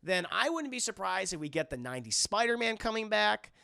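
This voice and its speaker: A man hosts a livestream, chatting casually and animatedly with viewers, swearing freely and tossing quick asides to chat. His high, creaky voice comes through in a dry, clean studio recording.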